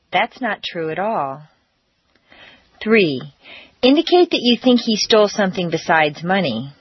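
Lively woman teaching pronunciation. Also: mid-range voice, dry recording, lo-fi sound. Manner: clear, deliberate instruction with exaggerated word stress. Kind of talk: scripted language-course narration.

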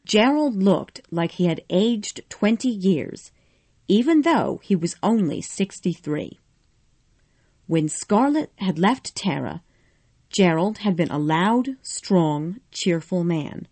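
A woman narrating a storybook in an expressive, measured way. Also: lowish voice, no echo.

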